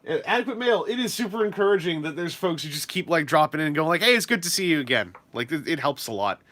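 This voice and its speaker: Streamer type: young guy, bright and animated, chatty and self-deprecating, close dry mic. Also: fairly high pitch, quick pace, no room sound. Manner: rambling, self-deprecating, lots of fillers. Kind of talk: casual livestream chat.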